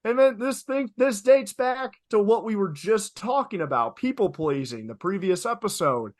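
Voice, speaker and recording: A young man co-hosting a podcast, telling stories in an animated, emphatic way, swearing freely and repeating lines for effect. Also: high voice, moderate pace, no echo, clean studio sound. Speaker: podcast co-host. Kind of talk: casual podcast storytelling.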